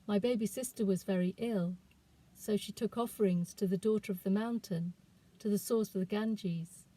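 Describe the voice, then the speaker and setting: A woman's voice: mid-range voice, fairly even intonation, normal speed, dark tone, close to an everyday voice. A woman voicing a wary teenage village boy who speaks bluntly and suspiciously.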